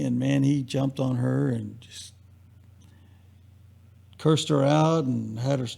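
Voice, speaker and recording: A man's voice: medium pitch, a little slow, creaky, long pauses, darkish tone, breathy edge. A man on a live talk stream, telling a long casual anecdote and acting out the quotes, rambling and repeating himself. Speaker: guest. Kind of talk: casual storytelling.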